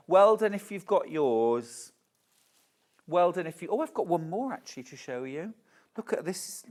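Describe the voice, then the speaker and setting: Chatty woman shopping-TV host, low and slow, very lively intonation. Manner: gushing, chatty, reads out viewer messages. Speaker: shopping channel presenter. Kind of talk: live TV sales presentation.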